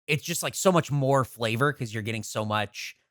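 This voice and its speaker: A man on a podcast talks casually and hesitantly. He fills his sentences with pauses as he searches for words. The sound is dry and close to the mic. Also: medium pitch, fairly bright tone, no room sound. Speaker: podcast co-host. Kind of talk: casual chat.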